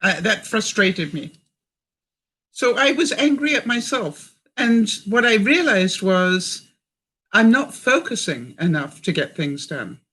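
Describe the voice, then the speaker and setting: A woman's voice: medium pitch, big pitch swings, takes it slowly, a bit bright, slightly rough. An older woman from Canada chatting in a livestream, reading viewer comments and coaching her audience with questions. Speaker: vlogger.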